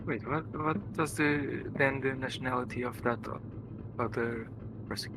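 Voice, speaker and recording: Man, casual chat, hesitant, quiet, off-mic, audible noise. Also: medium pitch, normal speed.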